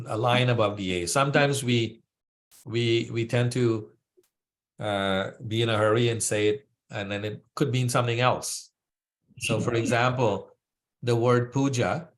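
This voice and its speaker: Patient man teaching chant pronunciation. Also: medium pitch. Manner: patient, breaks words into syllables, frequent "right?". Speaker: Sanskrit teacher. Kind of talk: devotional class teaching pronunciation.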